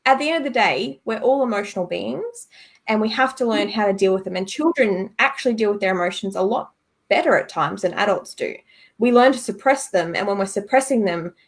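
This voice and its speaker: A young woman speaking as an interview guest, giving emphatic, animated motivational advice. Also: medium pitch. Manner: emphatic, animated, acts out quoted thoughts. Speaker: guest, business owner. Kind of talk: motivational conversation.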